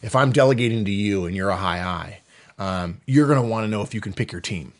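A middle-aged man hosting a podcast, explaining in a casual, animated way and acting out quoted voices. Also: fairly low pitch, fast. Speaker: podcast host.

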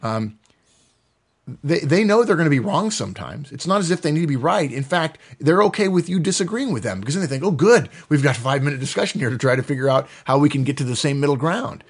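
A middle-aged man hosting a podcast, explaining in a casual, animated way and acting out quoted voices. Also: a little high, fast, slightly rough. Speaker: podcast host.

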